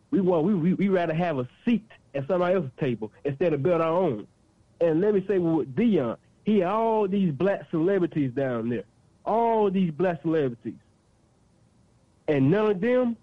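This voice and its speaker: A fired-up man, his voice pitched notably high as he hammers points home with repeated, preacher-like phrases. He comes through a dry, slightly dull call-in line with no room sound. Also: dry recording. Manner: fiery, repetitive, preacher-like emphasis. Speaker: activist guest. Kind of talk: impassioned call-in commentary.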